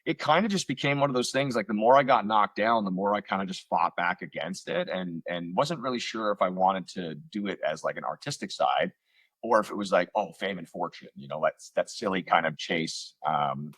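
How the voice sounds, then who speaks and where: A low-voiced man with a husky grain speaks over a computer call from a room at home. He tells rambling, self-mocking stories about starting out as an actor and keeps them loose with plenty of fillers. The sound is close and dry, with no room around it. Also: lively intonation, moderate pace, fairly bright tone, no room sound. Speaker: actor guest. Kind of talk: casual interview storytelling. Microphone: computer on video call.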